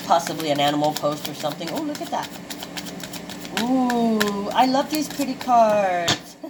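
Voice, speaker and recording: A woman's voice: mid-range voice, background noise. Chatty woman reading tarot cards. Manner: chatty, swears freely, exclaims at the cards. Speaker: tarot card reader. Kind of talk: casual intuitive card reading to viewers.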